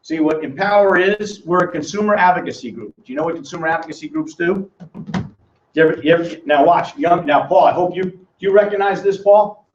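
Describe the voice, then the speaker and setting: A man's voice: on the high side, brisk, slight background noise. Teasing older man lecturing a room. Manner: teasing, quizzes audience by name. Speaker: financial educator. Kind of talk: live classroom seminar. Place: seminar room with small audience. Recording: roomy, distant, dull lo-fi sound.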